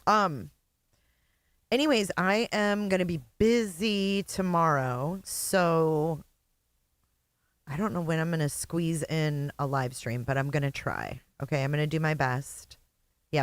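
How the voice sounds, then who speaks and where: A woman's voice: low-pitched, dry recording. A woman hosting a livestream, reacting to clips with sarcasm and frequent laughter. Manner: amused, sarcastic, laughs often. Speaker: host.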